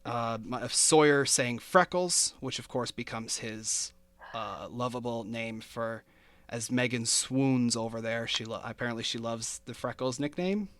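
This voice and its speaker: A man's voice: medium pitch, unhurried, a bit bright, no echo. A man hosting a podcast, chatting casually and working through his notes with fillers and easy laughter. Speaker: podcast host. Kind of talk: casual chat.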